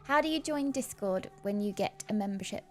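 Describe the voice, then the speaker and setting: A woman co-hosting a casual livestream, chatty and quick to laugh as she reads out viewer comments. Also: mid-range voice, lively intonation, a little mellow, faint music behind. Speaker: livestream co-host.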